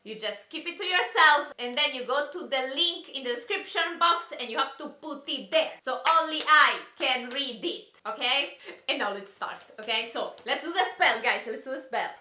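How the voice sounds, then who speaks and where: A woman's voice: sits high, expressive, normal speed, bright, forceful tone, roomy sound. A young woman with an Italian accent, a vlogger explaining a party game and reading riddles in an eager, bubbly way. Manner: bubbly, eager, often asks "okay?".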